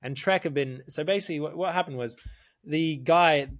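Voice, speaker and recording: A man telling a story in casual podcast chat, animated, swearing often and calling the listener mate. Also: fairly high pitch, normal speed. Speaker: podcast guest.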